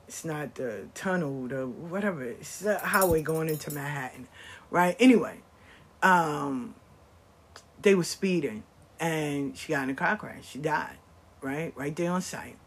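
A woman telling a story in a profane, animated way, with loud bursts that drop to low murmurs. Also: slight background noise. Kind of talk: storytelling talk.

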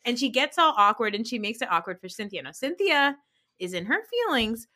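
A woman's voice: fairly high pitch, very animated, brisk, bright, forceful tone. A young woman co-hosting a podcast in casual chat, swearing freely and acting out quotes. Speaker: podcast co-host.

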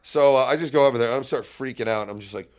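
A man's voice: mid-range voice, rapid-fire, darkish tone. A young man, a podcast co-host, telling a crude comedic story with lots of swearing and laughing at his own punchlines.

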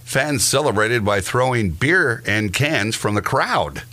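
A man's voice: mid-range voice, animated, slow, sharp tone. A man co-hosting a podcast, chatting casually, reading out odd news items with dry asides and chuckles. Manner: dry, laughs at his own asides. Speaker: podcast co-host.

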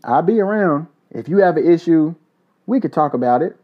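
A man's voice: a little high, animated, moderate pace. Man ranting on a lo-fi podcast. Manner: profane, heated, storytelling. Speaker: podcast host. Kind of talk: casual solo podcast rant. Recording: dull lo-fi recording.

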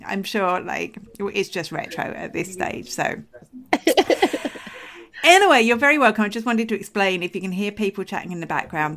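A woman hosting a weekly podcast from her office, talking in a cheerful, laughing way while she has a cold. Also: mid-range voice. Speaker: podcast host. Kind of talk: casual chat.

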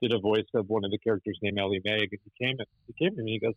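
A man's voice: on the low side, fairly even intonation, rapid-fire, few pauses, dry recording, dull audio. A man telling stories as an interview guest, rambling with many restarts and fillers. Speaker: animator and musician guest. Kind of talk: storytelling interview.

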